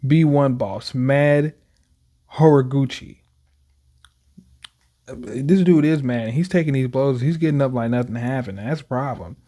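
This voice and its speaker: A man's voice: medium pitch, unhurried, pauses often, dark tone. A man hosting a casual manga reaction, reading panels aloud and exclaiming at the story. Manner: reads panels aloud, frequent "says" and exclamations.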